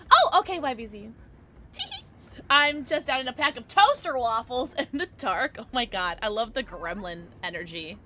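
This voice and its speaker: A woman's voice: a little high, very animated, measured pace, long pauses, sharp tone, slight background noise. A woman streaming live from home, chatting with viewers and reacting to her game in playful slang. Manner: bubbly, playful slang, talking to chat. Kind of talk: live gameplay commentary with chat.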